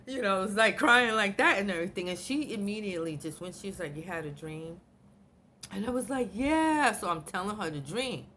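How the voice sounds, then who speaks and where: A middle-aged woman vlogger telling a personal story in an animated, blunt way, swearing freely. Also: on the low side, a little hiss or hum. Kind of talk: emotional storytelling.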